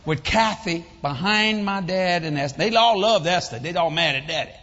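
A man preaching a sermon, telling a family story in an animated, comic way. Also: sits high, normal speed, big-room sound, highs cut off, a little hiss or hum.

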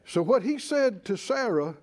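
A man's voice: sits high, measured pace. A man preaching a sermon, calling out questions to the congregation and acting out voices with laughter. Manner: animated, call-and-response with the congregation; acts out quoted voices and laughs often. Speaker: pastor.

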